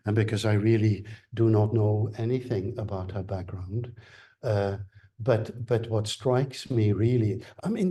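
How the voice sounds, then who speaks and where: A man's voice: fairly low pitch, warm tone, husky. Hesitant man giving a seminar. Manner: hesitant, many fillers and restarts. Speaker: lecturer. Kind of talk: academic seminar talk.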